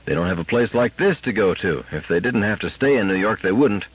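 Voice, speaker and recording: A man's voice: lowish voice, expressive, fairly quick, breathy edge, no echo. A man as a weary, grumbling husband. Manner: grumbling and reluctant. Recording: dull lo-fi sound.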